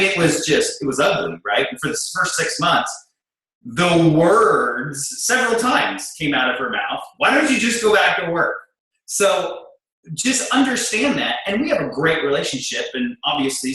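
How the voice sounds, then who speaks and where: A man's voice: a little high, very echoey, rough recording. A middle-aged man speaking candidly and bluntly about working in business with his wife, acting out the back-and-forth. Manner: blunt and animated, acting out quoted exchanges. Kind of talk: candid storytelling to an audience.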